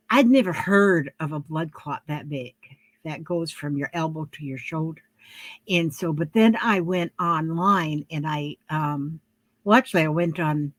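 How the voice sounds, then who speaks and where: A woman's voice: deep voice, no echo. Older woman chatting about her crafts. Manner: rambling, homey, with fillers and self-corrections. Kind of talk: casual chat to camera. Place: her craft area at home, indoors.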